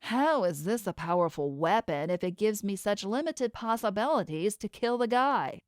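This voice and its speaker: A woman's voice: medium pitch, lively intonation, moderate pace, no echo, studio quality, close to an everyday voice. Woman reading a wary, placating male tracker. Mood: defensive. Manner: defensive, placating, stammering under pressure. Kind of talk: audiobook character voice.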